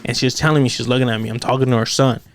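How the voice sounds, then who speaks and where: A man's voice: mid-range voice, fairly even intonation, rapid-fire, slight background noise. A young man from California, a podcast guest telling a story in casual chat, filling it with "like" and acting out the people he quotes. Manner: loose, filler-heavy, acts out quoted people.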